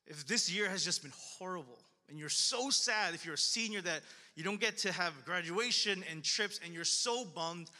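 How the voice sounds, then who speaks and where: A man's voice: high voice, sharp tone, big-room sound. A man preaching a sermon in an earnest, casual and conversational way, often repeating his main line. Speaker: pastor.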